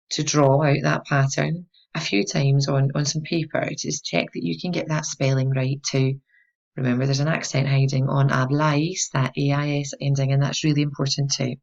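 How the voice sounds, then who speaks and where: A woman leads a language lesson in a low, gravelly voice. She explains each step with clear, patient encouragement. The recording sounds a little dull and lo-fi. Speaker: language teacher. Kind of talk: instructional explanation.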